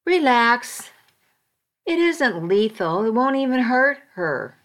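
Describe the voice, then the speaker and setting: A woman reading the lines of a cynical, scheming young woman, sly and unhurried. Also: fairly high pitch, very animated, fairly bright tone, exaggerated voice.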